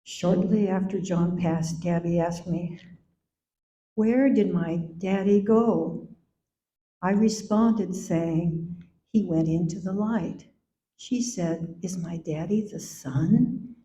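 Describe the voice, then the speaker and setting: An older woman, a mother giving a eulogy at a memorial gathering, speaking slowly and tenderly, now and then singing a line softly. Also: on the low side, a little hiss or hum. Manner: slow, gentle and tender, sometimes singing softly. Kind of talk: memorial speech. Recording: echoey hall, dull sound.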